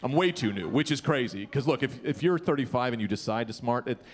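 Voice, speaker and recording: A man in his thirties doing a stand-up comedy set, animated and shouting his punchlines. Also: mid-range voice, fast. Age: 30s. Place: comedy club. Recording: live club with crowd laughter. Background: audience laughter.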